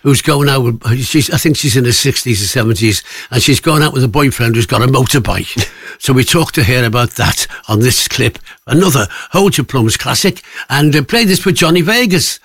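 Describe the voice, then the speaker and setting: A man's voice: medium pitch, lively intonation, normal speed, a bit bright, slightly rough, no echo. A man presenting a radio show in casual, joking chat, rambling and laughing often.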